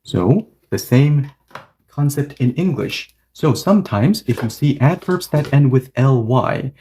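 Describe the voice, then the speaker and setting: Mellow-voiced man teaching grammar. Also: mid-range voice, lively intonation, unhurried. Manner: patient, checks understanding often. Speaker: Korean language teacher. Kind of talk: online grammar lesson.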